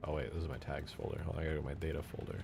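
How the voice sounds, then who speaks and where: Young male streamer, very low voice, laid-back, jokey, thinks aloud to chat. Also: steady tone, rapid-fire, gravelly, over music. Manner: jokey, talks to himself and chat while working. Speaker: streamer modding a video game. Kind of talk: casual live-stream commentary.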